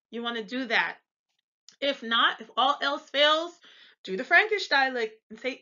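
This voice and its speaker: An American woman in a chatty pronunciation lesson, repeating example words slowly for the viewer. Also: a little high, sharp tone, highs cut off. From United States. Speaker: language tutor.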